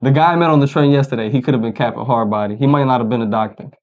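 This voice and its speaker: A man's voice: mid-range voice, rapid-fire, muffled recording. A man from the United States, co-hosting a podcast, telling a rambling story in casual slang and asking "you know what I'm saying" again and again. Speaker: podcast co-host.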